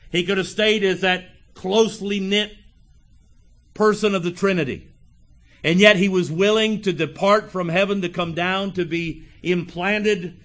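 A man preaching a sermon, reading scripture and acting out the characters' lines with emphatic pauses. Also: sits high, fairly bright tone. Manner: earnest preaching with emphatic pauses, acts out quotes; reads scripture in old-fashioned wording.

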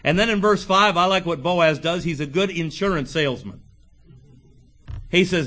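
High-voiced man preaching a sermon. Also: expressive, bright, forceful tone. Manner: earnest preaching with emphatic pauses, acts out quotes; reads scripture in old-fashioned wording.

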